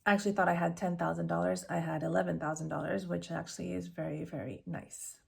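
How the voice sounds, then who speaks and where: A woman's voice: fairly low pitch, level tone, quick pace, gravelly, husky. A woman budgeting vlogger talking casually to camera, candid and rambling with fillers, self-corrections, nervous laughs and sighs.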